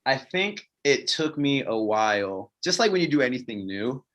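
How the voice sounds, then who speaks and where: Man, young adult, animated and earnest, casual podcast guest, mid-pitched voice. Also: moderate pace, highs cut off. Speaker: guest paintball player.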